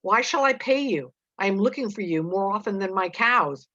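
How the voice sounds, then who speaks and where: A woman reading a stern male farmer's lines in a gruff, old-fashioned scolding manner, on a dull, dry recording. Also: mid-range voice, expressive, normal speed, sharp tone, no room sound, pitched above the performer's own voice.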